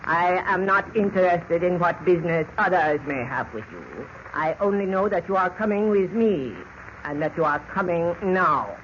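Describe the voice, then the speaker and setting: An actor playing a menacing villain who speaks in a stiff, precise, overly polite way, in 1940s radio acting style. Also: male voice, high voice, expressive, normal speed, fairly bright tone. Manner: stiff, formal, precise speech. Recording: dull lo-fi old radio recording with hiss.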